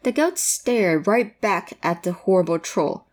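A woman's voice: medium pitch, expressive, measured pace. A woman reading a storybook to a child, playful and full of questions. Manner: playful, asks questions, switches languages. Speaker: bilingual storyteller.

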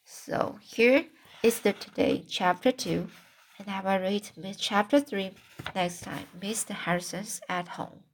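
A woman's voice: medium pitch, unhurried. A woman reading a novel aloud in an unpolished way, with slips and self-corrections. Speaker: audiobook reader.

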